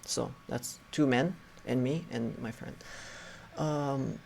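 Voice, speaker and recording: Gravelly man telling a rambling story. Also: medium pitch, slow pace. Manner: rambling, many restarts and "like" fillers; animated retelling with acted quotes. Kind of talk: casual personal storytelling.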